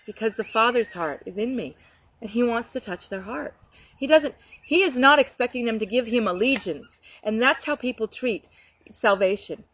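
A woman's voice: a little high, no echo. Earnest middle-aged woman telling stories. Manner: earnest, storytelling, frequent restarts. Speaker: Christian speaker. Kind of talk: casual faith chat. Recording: dull lo-fi recording.

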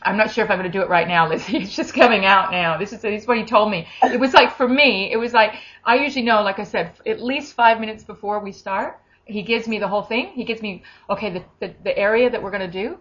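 Animated woman leading a charismatic prayer. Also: mid-range voice, fast, few pauses. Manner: animated, breaks into tongues and acted quotes. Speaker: prayer minister. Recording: dull lo-fi recording.

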